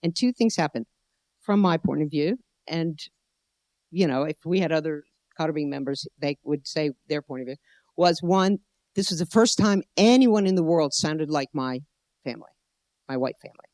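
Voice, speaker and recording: A woman's voice: sits low, animated, normal speed, darkish tone, no room sound. Middle-aged American woman telling a meandering story. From United States. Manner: digressive, storytelling, searching for words. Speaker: anthropologist speaker. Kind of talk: conference talk. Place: gallery venue indoors.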